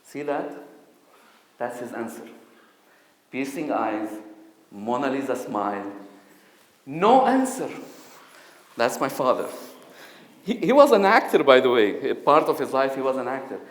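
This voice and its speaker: A man giving a personal storytelling talk at a conference, acting out voices with sudden loud outbursts. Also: medium pitch, sing-song, unhurried, long pauses. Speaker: conference speaker. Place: conference hall. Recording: echoey hall.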